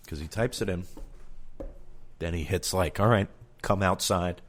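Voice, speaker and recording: Low-voiced man telling an exasperated comic story. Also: moderate pace, long pauses. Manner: exasperated, profane, acts out both sides of conversations. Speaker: comedian. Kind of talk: comedic storytelling monologue.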